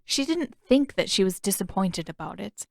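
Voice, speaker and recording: A woman reads her own fanfiction aloud as a podfic, narrating in a steady, even storybook style at a moderate pace. Her mid-pitched voice is a bit creaky, and the recording is dry and close with no room sound.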